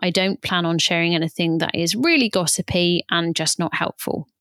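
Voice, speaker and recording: A woman's voice: on the low side, normal speed, a bit bright, no echo, clean studio sound. A British woman in her thirties hosting a podcast, talking in a candid, casual way and occasionally swearing. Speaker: podcast host and birth recovery coach.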